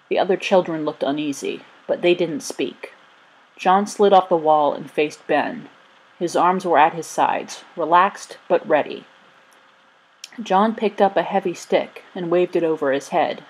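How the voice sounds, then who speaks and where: A woman narrating a children's story in an expressive reading. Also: fairly low pitch, unhurried, slightly rough, low-quality recording.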